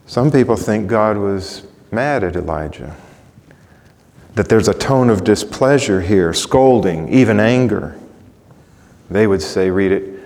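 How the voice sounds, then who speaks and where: A man preaching a sermon, reading scripture aloud dramatically, his voice swelling loud and then dropping to a hush. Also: fairly low pitch, a little slow. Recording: long hall reverb.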